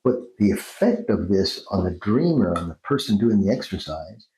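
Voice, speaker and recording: A man with a fairly low voice talks as a guest therapist, thoughtful and unhurried in his explanations. The recording carries a clear roomy echo around him. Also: big pitch swings, warm tone. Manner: thoughtful, explains slowly, acts out phrases in different tones. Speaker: guest, Jungian dream therapist. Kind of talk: reflective interview talk.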